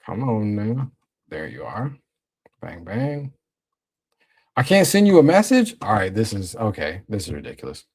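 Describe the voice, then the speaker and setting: A young man hosting a casual livestream, talking in a laid-back, slang-heavy way while reading and shouting out his chat. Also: on the low side, big pitch swings, a little slow, pauses often, breathy edge. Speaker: livestream host.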